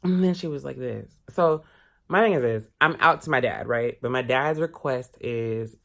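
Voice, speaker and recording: A man vlogging a casual storytime, candid and expressive, swearing casually as he talks. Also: mid-range voice, normal speed, creaky.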